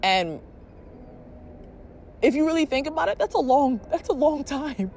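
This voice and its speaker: A woman's voice: high-pitched, expressive, measured pace, long pauses, a little mellow, a little hiss or hum. A young woman reviewing hair products in a casual vlog, earnest and emphatic, repeating her points.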